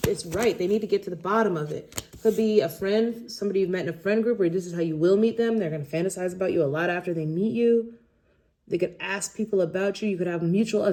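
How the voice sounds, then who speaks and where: Mellow-voiced woman giving a chatty tarot reading. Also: mid-range voice. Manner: rambling, chatty and blunt, with casual swearing. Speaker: tarot reader. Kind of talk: casual tarot reading to camera.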